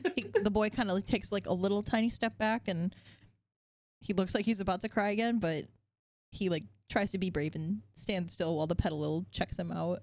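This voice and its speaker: A young woman narrating as game master, telling the story gently with frequent fillers. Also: mid-range voice, brisk, no echo.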